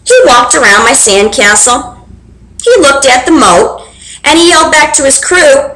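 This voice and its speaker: A young woman reading a children's book aloud with expressive, animated storytelling. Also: high-pitched, measured pace, a little hiss or hum. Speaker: reader. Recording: roomy echo.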